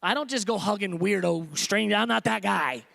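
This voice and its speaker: Gravelly guy pastor preaching, repeats stuff for punch, goes real soft sometimes. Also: sits high, moderate pace. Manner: preaching with rising emphatic repetition. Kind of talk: sermon.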